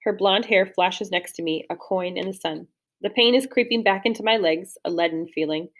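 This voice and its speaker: A young adult woman narrating a first-person novel as an audiobook reader, in a steady storytelling read with the odd slip and restart. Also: mid-range voice, moderate pace.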